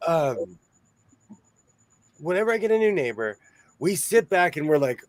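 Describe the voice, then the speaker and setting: A man's voice: on the high side, sing-song, a little slow, long pauses, dry recording, rough recording. A man hosting a casual sewing chat, telling stories and laughing often. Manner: chatty storyteller who laughs often.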